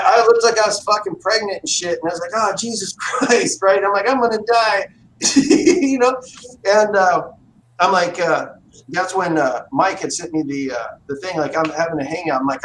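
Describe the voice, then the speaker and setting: A man with a slightly high, somewhat bright voice talks briskly on a livestream, chatting casually and telling rambling, profane stories. The recording has a roomy echo and faint noise.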